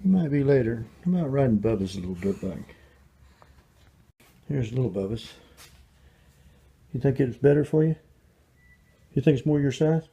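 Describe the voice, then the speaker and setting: A man's voice: medium pitch, expressive, moderate pace, gravelly, long pauses, dark tone, slightly rough. An older man filming a casual home video, chatting and coaxing his baby granddaughter as he talks to her.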